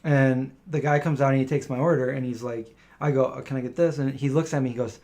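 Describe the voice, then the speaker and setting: Middle-aged guy doing a live q&a stream, normal mid pitch, rambly storyteller who acts out what people said. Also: fairly even intonation, fast, darkish tone. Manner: rambling anecdotal storytelling, acting out quoted voices. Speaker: live stream host answering viewer questions. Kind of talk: casual live Q&A chat.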